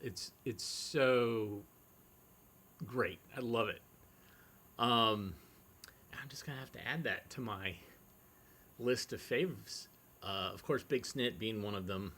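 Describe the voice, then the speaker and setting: Bright-voiced man hosting a film stream. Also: on the low side, slow, pauses often. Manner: relaxed, rambling, with fillers. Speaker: host. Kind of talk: casual livestream commentary.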